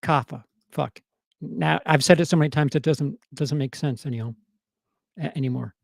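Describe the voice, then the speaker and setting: A man with a New York accent talks casually on a livestream, stumbling through repeated restarts as he answers his chat. His voice sits a bit high and is heavily gravelly with fry. The sound is dry and close. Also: no echo. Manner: halting, many stammered restarts and fillers.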